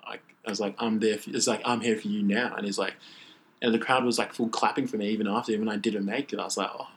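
Gravelly young man, chatty storyteller. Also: lowish voice, quick pace, a little hiss or hum, low-quality recording. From Australia. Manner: animated, says "like" constantly. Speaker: triple jumper guest. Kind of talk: casual interview storytelling.

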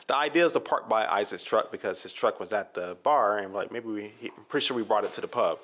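A man's voice: lowish voice, fast talker, fairly bright tone. A man co-hosting a casual podcast, telling a rowdy bar story with lots of swearing and acted-out quotes. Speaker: podcast co-host.

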